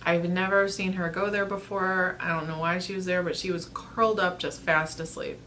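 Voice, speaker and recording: Woman vlogger, thirties, slightly low voice, rambling and earnest, light background noise. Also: little pitch movement, moderate pace. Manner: earnest, rambling, with frequent restarts and soft laughs. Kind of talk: casual storytelling to camera.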